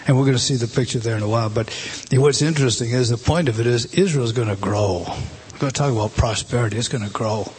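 A man's voice: medium pitch, quick pace, noisy background. A man preaching a sermon, emphatic and often repeating words as he speaks.

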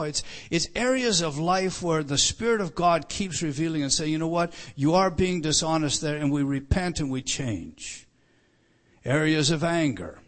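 Earnest preacher man, higher voice. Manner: earnest, with frequent repeated words and emphatic slowing. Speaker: pastor. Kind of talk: sermon.

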